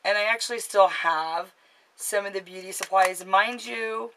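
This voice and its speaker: A woman's voice: mid-range voice, moderate pace, fairly bright tone, a little hiss or hum, poor audio. A woman in her late thirties chatting casually in a show-and-tell vlog, rambling and restarting, sentimental and easily moved. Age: late 30s. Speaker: vlogger.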